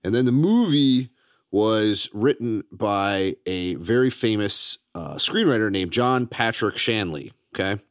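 Dude on a podcast telling a story, laughs a lot, dead dry mic. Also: male voice, lowish voice, unhurried, no room sound. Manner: animated storytelling, laughs often, swears. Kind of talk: casual chat.

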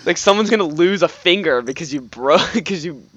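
High-voiced, lively young-sounding man chatting. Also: dry recording, highs cut off. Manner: laughing, sarcastic, quick asides. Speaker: movie review co-host. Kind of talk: casual chat.

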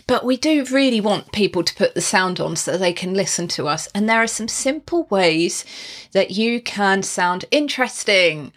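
A woman who teaches singing, talking through tips in a casual tutorial and showing off pitch and volume changes with her own voice, with chatty asides. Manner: expressive, demonstrates pitch and volume changes while explaining; chatty, with frequent laughs and asides.

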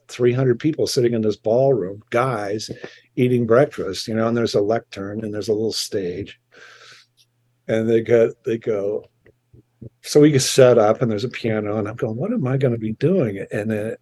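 Husky older man telling rambling stories. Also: on the low side, normal speed. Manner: rambling, animated storytelling with restarts and chuckles. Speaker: musician guest. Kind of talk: casual anecdote telling.

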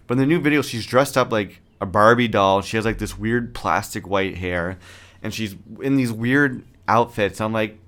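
A man in his thirties talks on his own podcast in a lowish voice. He rants with plenty of swearing and dry sarcasm. His delivery stays fairly monotone throughout. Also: normal speed. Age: 30s. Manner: profane, ranting, sarcastic; self-described monotone delivery. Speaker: podcast host. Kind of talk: casual solo podcast rant.

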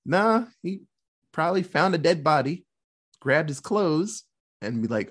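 A man's voice: on the high side, unhurried, breathy edge. A man casually retelling a war film's plot, swearing freely and jokingly acting out the characters' lines. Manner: profane, jokey, animated retelling with put-on quotes. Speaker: podcast co-host recapping a film. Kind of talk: casual chat.

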